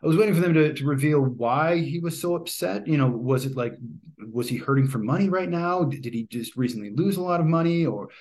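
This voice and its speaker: A man's voice: on the high side, a little fast, a little mellow. A man giving a casual, rambling spoken movie review, with lots of fillers and restarts.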